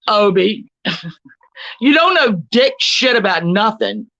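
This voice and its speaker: A combative woman livestreamer tears into her critics with profanity and mockery, reading chat comments aloud and snapping back at each one. Her voice sits at a middling pitch and sounds dry and close. The recording is dull and slightly lo-fi. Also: big pitch swings, takes it slowly, a bit bright, no echo. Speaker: livestream host. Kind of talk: confrontational livestream rant.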